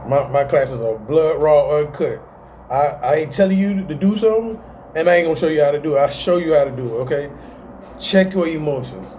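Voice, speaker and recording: A man's voice: on the high side, a little fast, warm tone, slight background noise. A man hosting a casual self-help video, talking animatedly in slang and often laughing at himself. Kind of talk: casual motivational talk to camera.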